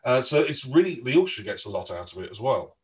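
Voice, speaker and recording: A man's voice: mid-range voice, sing-song, fast talker. A man hosting a podcast interview, chatting in a rambling way with frequent restarts. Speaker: podcast host. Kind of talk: casual interview chat.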